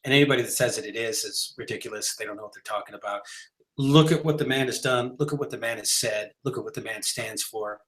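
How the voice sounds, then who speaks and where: A man's voice: lowish voice, quick pace, a bit bright. A man co-hosting a live sports talk show, arguing emphatically and rambling with frequent restarts and fillers. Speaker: podcast co-host.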